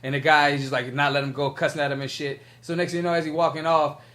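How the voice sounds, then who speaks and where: Guy cohosting a podcast, slightly high voice, tells stories and acts out the quotes. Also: fast. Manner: animated storyteller, acts out quotes, laughs a lot. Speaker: podcast co-host. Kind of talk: casual chat, storytelling.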